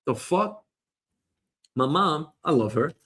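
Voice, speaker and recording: Middle-aged male comic host with a slightly high voice, loud profane rambling rant. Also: lively intonation, takes it slowly, slightly rough. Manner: loud, rambling, swears a lot, mock voices.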